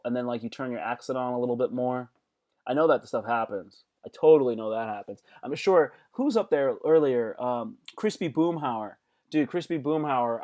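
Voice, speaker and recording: A man hosting a casual live stream as a comedian, talking to viewers by name in an animated, repetitive way, swearing freely. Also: medium pitch.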